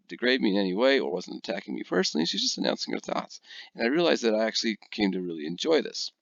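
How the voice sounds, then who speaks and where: A man teaching a recorded lecture, telling stories in an animated way and often checking in with his listeners. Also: on the low side, vocal fry, no room sound. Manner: animated storyteller, checks in with "okay?". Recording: dull lo-fi dry recording.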